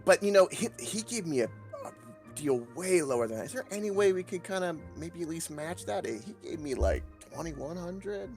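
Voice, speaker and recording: A man's voice: fairly high pitch, big pitch swings, moderate pace, vocal fry, over music. A man playing a tabletop game, joking and haggling playfully in character. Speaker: player. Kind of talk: tabletop role-play.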